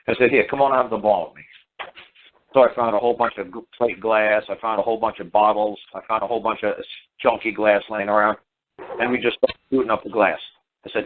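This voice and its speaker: A man's voice: fairly low pitch, steady tone, fast talker, slight background noise. A man, a talk show host, telling a long story in a casual, rambling way, repeating himself and swearing as he goes. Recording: tinny phone-line audio.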